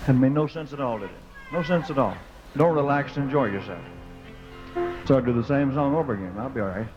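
A man's voice: mid-range voice, fast, muffled recording, over music. A man in his thirties from the southern United States with a Southern accent, a singer telling rambling, self-mocking stories on a concert stage with lots of fillers and restarts. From Memphis, southern United States. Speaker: singer performing live on stage. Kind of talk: joking stage banter between songs. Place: concert stage before a live audience.

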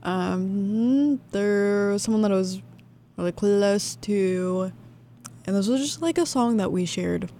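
A woman's voice: mid-range voice, slow pace, mellow, slight background noise. A woman radio DJ chatting casually between songs, rambling a little with many fillers and restarts.

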